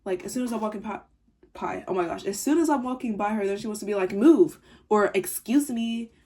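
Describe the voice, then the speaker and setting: A woman's voice: medium pitch, fast, dark tone. A teenage girl telling a rambling, irritated story about a classmate in a casual video diary. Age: teens. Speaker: vlogger.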